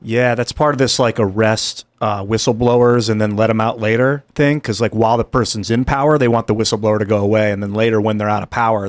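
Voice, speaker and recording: A man co-hosting a talk podcast with a fairly low voice, recorded dry and close. He chats in a loose, offhand way, with his voice sometimes dropping very quiet at the ends of points. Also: no room sound. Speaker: co-host. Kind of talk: political talk show discussion.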